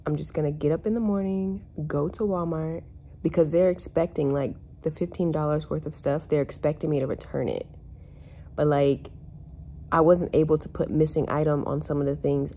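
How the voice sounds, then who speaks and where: A woman's voice: deep voice, fairly even intonation, normal speed, warm tone, a little hiss or hum. A young woman vlogging casually, venting in an exasperated, swearing ramble full of "like" and "bro". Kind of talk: casual vlog rant.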